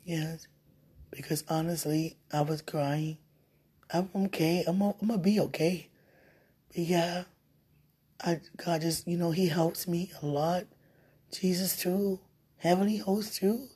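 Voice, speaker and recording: Woman, low husky voice, slow and tender, phone right at her mouth. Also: fairly even intonation, warm tone. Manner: tender, sweet-talking, teasing. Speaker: partner leaving a voice message. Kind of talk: intimate phone message. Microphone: phone held close to the mouth.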